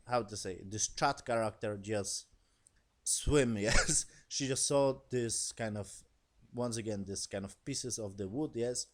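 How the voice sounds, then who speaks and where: Rambling man recapping a show. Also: on the low side. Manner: rambling, swears casually, frequent "basically" and "yes?". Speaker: TV series reviewer. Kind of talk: casual spoken episode recap.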